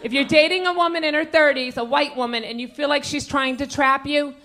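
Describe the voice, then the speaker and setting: A woman's voice: high-pitched, steady tone, a little fast, pushed and bright. A woman doing a stand-up set in a comedy club, brassy and teasing people in the audience. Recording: live club audio with crowd noise.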